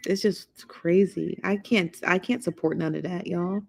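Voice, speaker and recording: A woman hosting a casual livestream, reading viewer comments aloud and dishing gossip in a sassy manner, calling her viewers honey and child, with the odd hushed aside. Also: fairly low pitch, fairly even intonation, unhurried, vocal fry. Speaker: livestream host.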